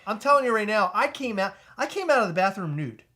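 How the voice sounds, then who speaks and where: A man co-hosting a podcast, telling a comedic story in an animated, excitable way, stumbling over restarts and shouting out retold lines. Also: high-pitched, quick pace. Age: adult with a child. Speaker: podcast co-host.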